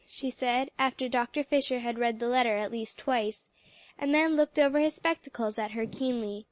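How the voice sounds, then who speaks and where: A woman narrating a classic children's book in a steady, expressive reading voice. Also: fairly high pitch, moderate pace, no echo. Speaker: audiobook narrator. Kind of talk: storybook narration.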